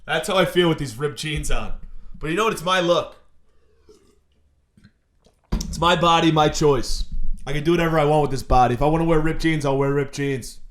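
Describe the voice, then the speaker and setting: A young man hosts a podcast with a crude, sarcastic comedic monologue. He rambles and repeats himself for effect. His voice sits a little on the high side. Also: moderate pace, long pauses, slight background noise. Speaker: podcast host.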